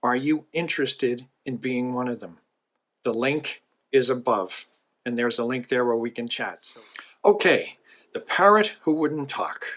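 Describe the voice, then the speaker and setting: A man's voice: mid-range voice, unhurried. A man, a business coach, casually telling a joke in a monthly video message. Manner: relaxed, folksy storytelling.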